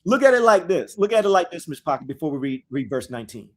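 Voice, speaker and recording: A man with a high voice leads a live scripture discussion in a loose, conversational way. He repeats his phrases and speaks to his listeners as "y'all." When he reads verses, he slows right down and stresses each word. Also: big pitch swings. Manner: reads verses slowly and deliberately.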